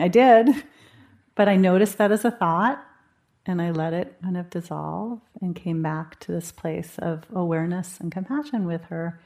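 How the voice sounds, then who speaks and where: A woman leads a dharma talk at a meditation retreat, her voice sitting somewhat low. She speaks conversationally, thinking aloud with gentle humor as she teaches. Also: normal speed.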